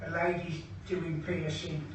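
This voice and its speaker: An older man guiding visitors around a museum, explaining in a halting way with hesitations and dry jokes. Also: fairly high pitch, level tone. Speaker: museum guide. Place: museum indoors. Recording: very echoey room from far off, background noise.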